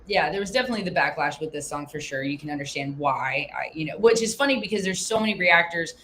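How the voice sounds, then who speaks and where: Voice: mid-range voice, quick pace, pushed and bright, a little hiss or hum. A guest in a casual reaction chat, telling stories in a chatty way with many fillers such as "like" and "uh.". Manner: chatty storyteller, filler words, laughs easily.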